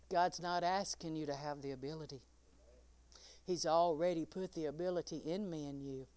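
A woman's voice: low-pitched, fairly even intonation, measured pace, pauses often, darkish tone, dry recording. A woman preaching a sermon, laughing often and calling out listeners by name.

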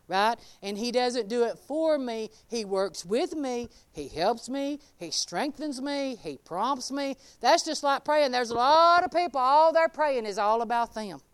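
A woman delivers a casual sermon, her voice pitched high. She talks in a folksy, animated way and calls out people in the congregation by name. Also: measured pace, hardly any pauses, clear, resonant tone. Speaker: preacher. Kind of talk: informal sermon.

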